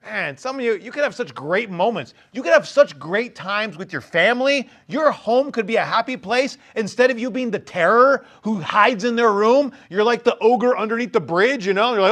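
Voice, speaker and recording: A man in his forties preaching a lively youth sermon, acting out the people in his stories in different voices. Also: sits high, moderate pace, few pauses. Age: 40s. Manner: animated, acts out quotes in different voices. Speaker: youth pastor.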